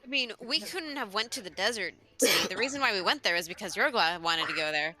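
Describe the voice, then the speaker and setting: Żywa, jasna kobieta przy grze. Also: female voice, medium pitch, expressive, fast talker, pushed and bright. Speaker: player. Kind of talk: casual tabletop game chat.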